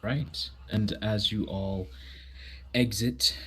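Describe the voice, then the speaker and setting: A man's voice: lowish voice, fairly even intonation, takes it slowly, bright, forceful tone, breathy edge. A man running a tabletop game as game master, narrating casually and correcting himself as he goes.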